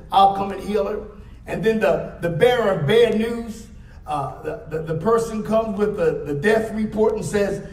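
High-voiced preacher in an echoey church. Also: male voice, darkish tone. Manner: preaching with frequent "Amen?" call-outs, emphatic rises. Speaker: pastor. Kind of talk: sermon. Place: church sanctuary. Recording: echoey church hall, mic at a distance.

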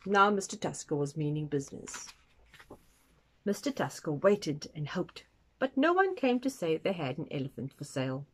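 A woman reading a children's picture book aloud, expressive and adding asides for young listeners. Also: low-pitched, normal speed, slightly rough. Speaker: storytime reader.

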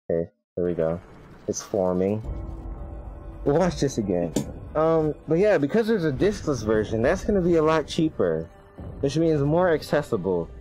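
A man streaming his live reaction to a game event, chatty and excitable and laughing often. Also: mid-range voice, poor audio.

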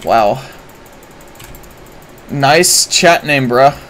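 A man giving live commentary while streaming a game, excitable and prone to swearing and sudden shouts. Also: medium pitch, extremely slow, slight background noise, poor audio.

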